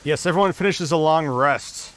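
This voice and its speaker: A man narrating as dungeon master of a tabletop game, steady storytelling with small restarts. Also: on the high side, moderate pace.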